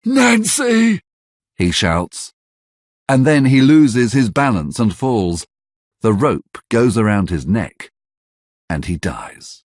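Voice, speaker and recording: A man narrating a graded reader story slowly and clearly for language learners. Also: fairly low pitch, animated, darkish tone, no echo, studio quality.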